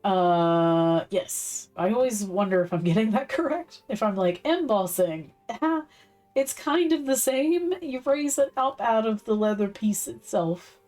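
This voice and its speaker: Slow, chatty woman streaming her craft. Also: medium pitch, animated, darkish tone, distant mic. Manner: chatty, giggly, talks while working. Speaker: streamer doing leathercraft. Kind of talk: casual live-stream chat. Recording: voice a bit off-mic, faint music behind.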